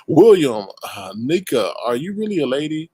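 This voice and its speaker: A man's voice: fairly high pitch, slightly rough, dry recording, rough recording. A man hosting his own livestream show, greeting viewers one by one in a casual, playful way. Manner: playful, animated shout-outs with drawn-out greetings. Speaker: show host and creator.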